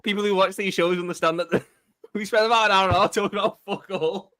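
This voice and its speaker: Sardonic high-voiced man chatting. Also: fairly even intonation, fast, sharp tone, no echo, clean studio sound. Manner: swearing, laughing, sardonic. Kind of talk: casual football chat.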